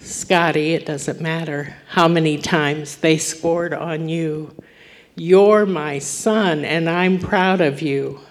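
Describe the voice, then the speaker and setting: A woman playing a tender, hushed father. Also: deep voice, fairly even intonation. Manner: hushed, slow, near-whispered. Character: tender loving father, grown man.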